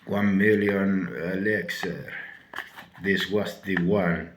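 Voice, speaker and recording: A man with a cold gives a laid-back perfume review, swearing often and stopping on "uh" between thoughts. His voice sits very low and moves slowly. The room adds a noticeable echo. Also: flat delivery, noisy background. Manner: halting, full of filler words and swearing. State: sick with a cold. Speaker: fragrance reviewer. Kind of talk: casual product review.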